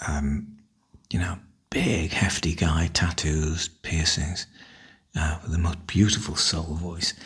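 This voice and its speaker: An older man, softly half-whispering a wry, chatty ASMR ramble. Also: deep voice, a little hiss or hum. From northern UK. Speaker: ASMR host.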